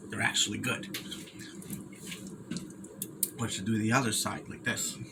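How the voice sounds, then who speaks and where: A young man reviewing food in a casual vlog, talking haltingly, stumbling over words and repeating himself. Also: lowish voice, fairly even intonation, gravelly, very noisy.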